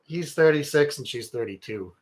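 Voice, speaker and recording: A man's voice: medium pitch, expressive, moderate pace, slight background noise. A man hosting a casual call-in advice show, laughing often as he reads listener emails aloud. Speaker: talk show host. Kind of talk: casual comedic call-in chat.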